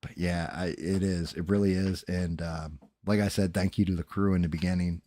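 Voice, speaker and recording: A man's voice: sits low, steady tone, moderate pace, warm tone, dry recording. A man hosting a late-night livestream, chatting loosely with frequent swearing and thanking viewers by name. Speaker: livestream host.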